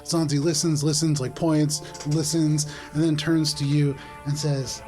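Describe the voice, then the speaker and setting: A man running a tabletop game as game master, narrating in a loose, relaxed way with many fillers. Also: a little high, unhurried, hardly any pauses. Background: music.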